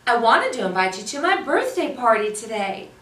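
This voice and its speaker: A woman reading as a gentle young doe in a storybook. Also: fairly high pitch, very animated, normal speed. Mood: hopeful. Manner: soft, mumbling when let down. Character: gentle young female deer, hopeful then hurt. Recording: roomy, voice from a distance.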